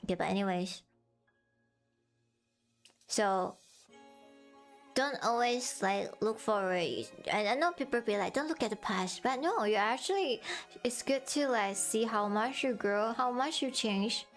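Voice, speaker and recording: A woman streaming from home, chatting casually and giving earnest, encouraging advice. Her throat sounds sore and strained, and her English is halting with non-native phrasing. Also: on the high side, soft background music. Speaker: VTuber streamer.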